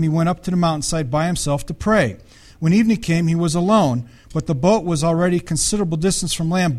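High-voiced man preaching conversationally. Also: a little mellow. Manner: conversational preaching with frequent checks to the congregation; reads scripture aloud and comments on it. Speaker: pastor. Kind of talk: sermon.

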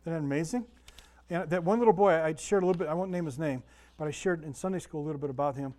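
A man's voice on the high side, fast and darkish in tone, leads a casual Bible lesson. The Sunday school teacher is folksy and chatty, tells stories, and repeatedly asks the room questions.

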